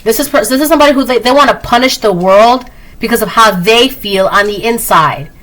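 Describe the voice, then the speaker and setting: A woman's voice: a little high, a bit bright, poor audio. Chatty woman giving a tarot reading. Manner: chatty, acts out quick quoted voices, laughs often. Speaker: tarot reader. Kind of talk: casual spoken tarot reading.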